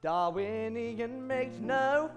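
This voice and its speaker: A man's voice: extremely high pitch, drawn-out words, full character voice. A man playing a sleazy flirting wolf. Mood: crooning. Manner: sleazy, flirtatious, drawls and croons. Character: lecherous smooth-talking male wolf. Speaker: panto wolf. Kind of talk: live pantomime comedy and song. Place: theatre stage. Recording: stage recording with loud band. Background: loud band music.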